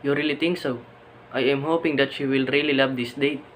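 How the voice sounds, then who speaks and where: A man playing a calm, hopeful Romeo in an amateur school play. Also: mid-range voice, a little fast, a little hiss or hum, close to an everyday voice, rough recording. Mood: earnest. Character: hopeful, earnest young Romeo.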